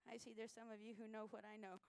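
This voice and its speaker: A woman preacher giving a sermon testimony, telling stories in an animated way and acting out what people said. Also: on the high side, quick pace, creaky, clean tone, low-quality recording. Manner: animated storytelling, acting out quotes.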